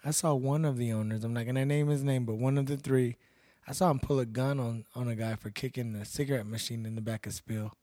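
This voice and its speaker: A man's voice: medium pitch, fast talker, dry recording, clean studio sound. A man from Texas, an MMA fighter who works as a bouncer, telling stories casually and acting out what people said. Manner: animated, acts out quoted lines loudly. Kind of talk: casual storytelling.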